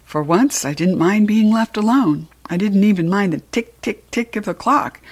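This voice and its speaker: A woman narrating a children's storybook in the first person with an expressive read-aloud delivery. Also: mid-range voice, normal speed, few pauses, breathy edge. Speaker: storybook reader.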